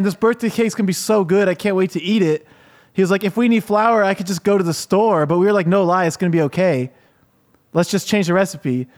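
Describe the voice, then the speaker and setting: A man's voice: sits high, close to an everyday voice. A man playing a clueless young rapper guest on a comedy podcast, earnest and defensive as he rambles. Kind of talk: improvised comedy podcast, deadpan parody.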